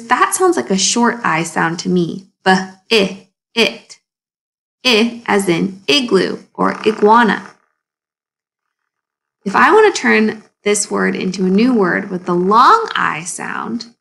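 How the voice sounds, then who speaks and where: A woman teacher takes young pupils through a phonics lesson at a very unhurried pace, stretching each sound apart. Her voice is bright and forward, with a gravelly fry at the ends of phrases, and she keeps asking the class encouraging questions. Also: mid-range voice. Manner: slow, exaggerated sounding out of words.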